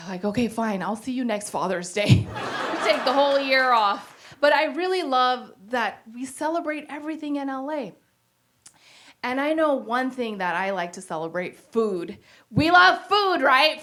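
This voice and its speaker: A woman doing a stand-up comedy set, telling jokes with lively leaps into acted quotes and laughing at her own lines. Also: high voice. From Pakistan. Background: audience laughter.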